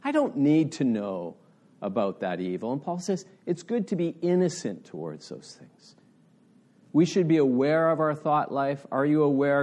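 Middle-aged male pastor, earnest conversational sermon, animated pitch. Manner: earnest, conversational preaching with rising emphasis.

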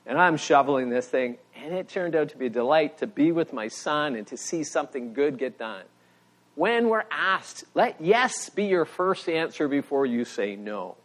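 A middle-aged man preaching a sermon as pastor, telling stories with animated emphasis and a voice that rises when he makes a point. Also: on the high side, moderate pace. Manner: animated storytelling, voice rising for emphasis.

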